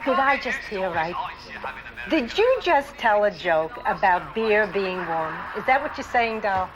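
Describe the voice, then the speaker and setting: A woman's voice: mid-range voice, sing-song, measured pace, a crowd in the background, low-quality recording. A woman playing a diner customer in a mockumentary, chatty, nosy and a bit bossy. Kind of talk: mockumentary comedy scene.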